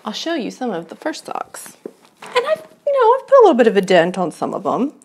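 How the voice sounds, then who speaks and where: A woman talks freely to the camera she is filming herself with at home. Her pitch rises and falls a lot as she rambles from one thing to the next. She pokes fun at herself and laughs often. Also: huge pitch swings, fairly quick, a little mellow, breathy edge. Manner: chatty, rambling, self-deprecating, laughs often. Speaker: knitting vlogger. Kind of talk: casual chat to camera.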